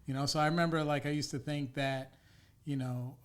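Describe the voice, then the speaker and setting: Guy hosting a chill chat, rambles a lot, swears, says like and you know constantly, voice a bit high. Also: fairly even intonation, brisk. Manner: rambling, swearing, lots of fillers. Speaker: podcast host. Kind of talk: casual chat.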